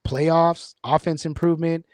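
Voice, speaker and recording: A man's voice: on the high side, fairly even intonation, unhurried, darkish tone, no room sound. A man hosting a casual sports talk show, rambling with lots of fillers and restarts. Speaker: podcast host.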